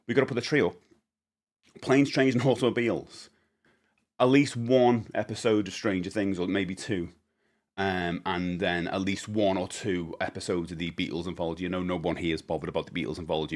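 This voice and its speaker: A British man in his forties talks casually on his live stream, rambling with lots of fillers and quick greetings to viewers. His voice sits on the low side. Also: steady tone.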